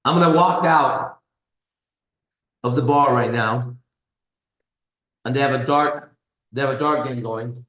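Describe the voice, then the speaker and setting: A man's voice: a little slow, long pauses. Boastful, profane man in an echoey room. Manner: boastful, profane, swings between low mutters and loud bursts. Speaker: pickup coach host. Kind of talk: casual live stream chat. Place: kitchen.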